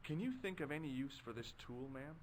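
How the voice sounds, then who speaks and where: A man's voice: mid-range voice, expressive, a little fast, a little hiss or hum, lightly acted. A man playing George Stobart, polite American hero. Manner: polite, earnest, plain-spoken. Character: polite young American male tourist detective.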